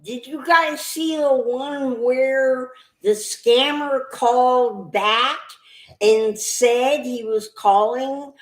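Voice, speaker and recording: A woman co-hosting a casual livestream, adding brief, unhurried asides. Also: sits high, echoey room, low-quality recording. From California. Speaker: co-host.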